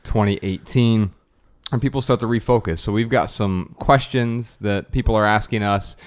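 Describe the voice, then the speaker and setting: A man's voice: on the low side, moderate pace, clean tone. A man co-hosting a casual podcast from a friend's kitchen, wry and joking with a slightly professorial streak. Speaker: podcast co-host. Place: friend's kitchen used as a studio.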